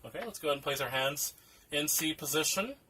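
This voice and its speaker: A man's voice: fairly high pitch, fast, slight background noise. A man teaching a piano lesson, patiently counting rhythms aloud for students to follow. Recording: loud music under the voice. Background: piano playing.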